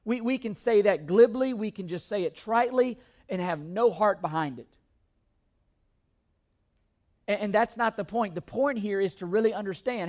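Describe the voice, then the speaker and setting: A man's voice: high-pitched, normal speed, a little mellow. A man preaching a sermon, reading scripture aloud and explaining it in an earnest, emphatic way, often restarting and repeating words. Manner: reads scripture aloud between comments.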